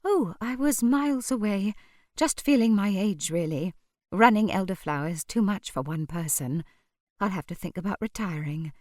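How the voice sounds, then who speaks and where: A woman's voice: medium pitch, lively intonation, normal speed, darkish tone, no echo, clean studio sound, voice pushed up, natural voice. A woman doing a weary, flustered older shopkeeper. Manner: flustered, tired. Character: weary older woman tea shop owner.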